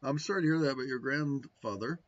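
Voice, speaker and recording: A man's voice: mid-range voice, quick pace, lo-fi sound. A man talking casually to his viewers about spiritual practice, rambling and tagging his points with "right?". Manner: rambling, frequent "right?" tags, musing. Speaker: spiritual teacher answering viewers. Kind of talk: casual livestream talk.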